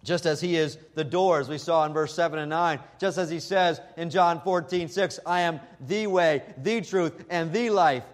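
Male pastor with a high voice, emphatic pulpit delivery, deliberate when reading verses. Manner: emphatic, slows down when quoting scripture. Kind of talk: expository sermon.

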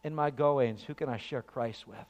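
A male pastor preaching a sermon with passion, swelling to loud peaks and then falling quiet. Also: mid-range voice, moderate pace, in a large hall, lo-fi sound.

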